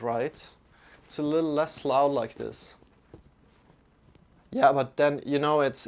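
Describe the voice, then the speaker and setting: A man's voice: medium pitch, vocal fry. A man teaching a live-streamed mantra lesson, talking in a casual, chatty way with many fillers.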